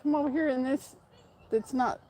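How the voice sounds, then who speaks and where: The speaker is a woman streaming her fishing trip from the bank of a fast trout stream, laughing often, naming viewers and chatting casually. Her high voice has a dark tone and a moderate pace.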